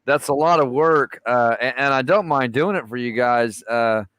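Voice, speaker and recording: A man's voice: mid-range voice, normal speed, fairly bright tone, no room sound, clean studio sound. A man in his forties, a gaming YouTuber, chatting casually on a live stream in an easygoing way. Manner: easygoing, says "man" often.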